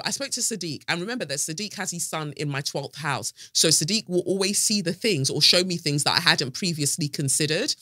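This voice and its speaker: A woman hosting a podcast, telling a story in an animated, dramatic way and swearing freely. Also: deep voice, dry recording, studio quality. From United Kingdom. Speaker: podcast host. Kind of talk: casual podcast monologue.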